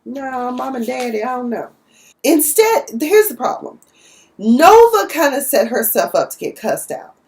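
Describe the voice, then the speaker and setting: A woman's voice: high voice, very animated, measured pace, darkish tone. A young woman from Dallas, sassily recapping a TV episode in a casual, outspoken way. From Dallas, Texas. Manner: sassy, outspoken, cussing.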